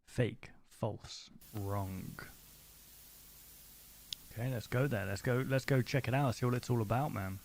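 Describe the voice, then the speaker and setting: A man of ordinary pitch reads a story aloud to his live-stream viewers, keeping his voice low for the narration. He keeps stopping to toss in casual, offhand remarks. A faint hum of the room sits behind him. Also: measured pace, pauses often, darkish tone. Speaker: streamer reacting to a horror series. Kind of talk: live-stream reaction, reading text aloud.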